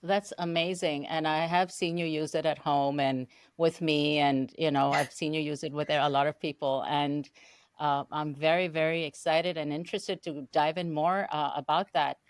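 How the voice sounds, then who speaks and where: A woman's voice: sits low, steady tone, moderate pace, clear, resonant tone, no room sound. An older woman hosting an interview podcast, welcoming her guests formally and asking questions. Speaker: podcast host. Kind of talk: hosted interview.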